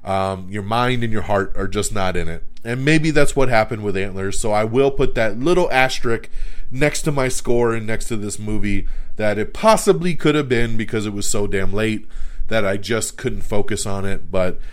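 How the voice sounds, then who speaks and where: A man's voice: fairly low pitch, moderate pace. A man hosting a podcast, giving casual movie reviews in a hesitant way with lots of fillers and restarts.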